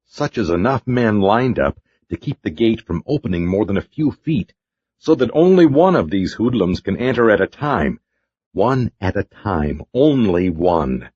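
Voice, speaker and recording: A man narrating an audiobook, voicing a calm, commanding man giving orders. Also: fairly low pitch, a little slow, slightly rough, highs cut off, heavily acted.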